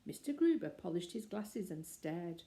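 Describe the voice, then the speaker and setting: A woman reading a children's storybook aloud with lively character voices. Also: lowish voice, moderate pace, low-quality recording. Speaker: narrator.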